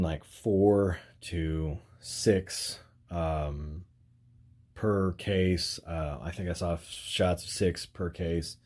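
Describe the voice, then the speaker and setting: Toy-collector host: a deep-voiced man, easygoing and rambling, chuckling as he shows his figures. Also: warm tone. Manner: rambling, filler-heavy, frequent "you know"; chuckles while handling figures. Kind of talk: casual toy review vlog.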